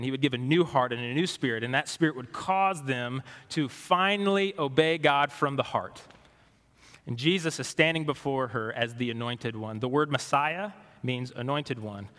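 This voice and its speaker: A man of middle pitch preaches a sermon as a pastor, talking to the congregation in a conversational way and asking them questions. He swings between animated passages and hushed, gentle ones. His voice carries a long reverb from a church sanctuary. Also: moderate pace.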